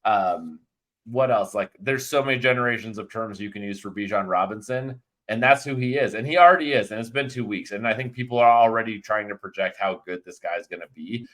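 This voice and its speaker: A man's voice: on the low side, a little fast, a bit bright. Casual man talking fantasy football. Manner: rambling, filler-heavy, joking. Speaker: fantasy sports analyst. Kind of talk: casual sports betting chat.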